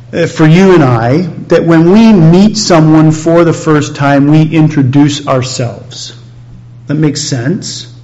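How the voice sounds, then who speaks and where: A man preaching a sermon, teaching slowly through a Bible passage with frequent pauses. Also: on the high side, darkish tone, lo-fi sound.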